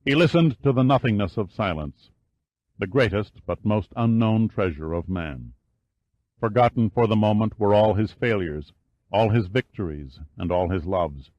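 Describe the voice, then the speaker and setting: Low-voiced male audiobook narrator, dry sound. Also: animated, normal speed, no echo, lo-fi sound. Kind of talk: scripted narration.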